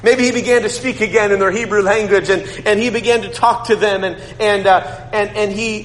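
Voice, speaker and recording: High-voiced male preacher in an echoing hall. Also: fairly even intonation, brisk, hardly any pauses. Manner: storytelling with frequent repeated words and restarts. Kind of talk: sermon, retelling a Bible story. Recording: long hall reverb, faint noise.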